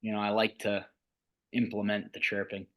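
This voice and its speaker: A man's voice: fairly low pitch, monotone, moderate pace, bright, forceful tone. A man from New England hosting a casual podcast, easygoing and swearing freely. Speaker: podcast host.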